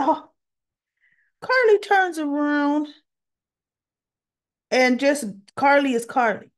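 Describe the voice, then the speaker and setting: A woman hosting a casual soap opera recap vlog, chatty and expressive as she retells the episode. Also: high voice, takes it slowly, pauses often. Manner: chatty and expressive, acts out quotes with laughs.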